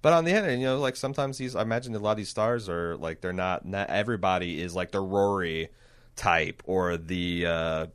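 A man with a low, smooth voice co-hosts a podcast, talking a little fast in a casual chat. He rambles with lots of fillers and restarts.

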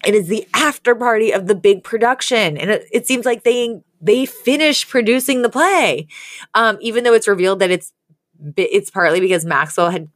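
A woman's voice: lowish voice, a bit bright. A woman co-hosting a podcast, chatting casually and animatedly as she retells a sitcom episode and acts out the quotes. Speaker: podcast co-host.

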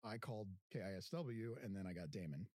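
A podcast host tells stories in a relaxed, animated style, performing the quotes himself. His voice is on the low side and a little fast, captured in a dry, clean studio recording.

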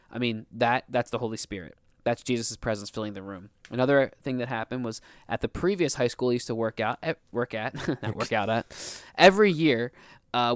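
A man telling stories on a casual faith podcast, earnest and quick to laugh. His voice is smooth and resonant, sitting at an ordinary pitch. The sound is close and dry. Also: no room sound. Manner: earnest storytelling, laughs often. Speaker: podcast co-host and youth minister.

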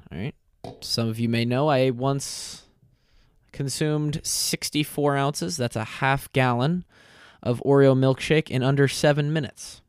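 A tired young man talks through his solo podcast in a loose, rambling way, stopping to correct himself and filling gaps with ums. His voice is smooth and clear, and it sounds close and dry with no room around it. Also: mid-range voice, steady tone, a little slow, no room sound. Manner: rambling, self-correcting, with many fillers. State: tired and lightheaded from fasting. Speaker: podcast host. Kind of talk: casual solo podcast talk.

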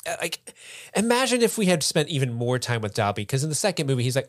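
A man's voice: mid-range voice, very animated, no echo, clean studio sound. Man telling a movie plot with laughs. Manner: quick storytelling, laughs a lot, often slips into voices. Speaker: podcast co-host. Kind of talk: casual movie review chat.

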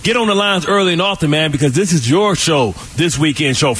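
Brash male sports radio co-host, high and punchy, all energy and trash talk. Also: lively intonation, a little fast, fairly bright tone, breathy edge. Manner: brash, boastful trash talk, mocking laughs.

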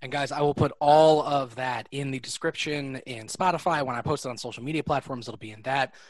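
Fast-talking New York man hosting. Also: mid-range voice, no room sound. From New York area. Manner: rambling, self-interrupting, joking. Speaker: podcast host. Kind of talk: casual chat.

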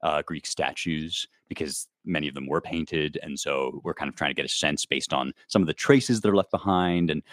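A man's voice: a bass voice, normal speed, few pauses, fairly bright tone, no echo, clean studio sound. A man in his thirties from the United States, explaining things in a casual interview with lots of fillers and restarts. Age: 30s. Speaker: guest author.

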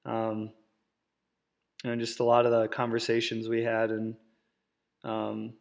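A man's voice: mid-range voice, monotone, takes it slowly, gravelly. A man from Wisconsin hosting a podcast, telling a story casually, rambling with fillers, laughs and swearing. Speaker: podcast host and coach.

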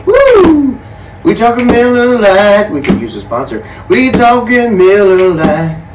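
A man with a fairly high voice chanting a rowdy, hyped-up outro at a slow pace. He sounds far from the mic in an echoing room, with clear background noise behind him. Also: very animated. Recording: noisy, roomy, distant mic.

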